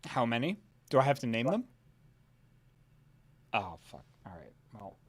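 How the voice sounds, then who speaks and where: A man co-hosting a stream, telling an animated, profane story in casual chat. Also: mid-range voice, unhurried, heavy background noise. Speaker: stream co-host.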